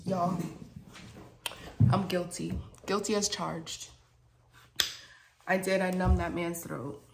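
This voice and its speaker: Brief: woman vlogger, lower voice, chatty and dramatic, speaks directly to viewers. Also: slow pace, vocal fry, very noisy. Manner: animated, dramatic, slangy, addresses viewers directly. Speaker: vlogger and dental hygienist. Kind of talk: casual storytime monologue.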